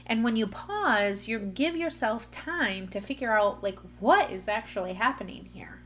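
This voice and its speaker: A woman's voice: on the high side, expressive, unhurried. A woman hosting a solo podcast, talking earnestly in a coaching way straight to her listeners. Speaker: podcast host. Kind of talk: solo motivational podcast talk.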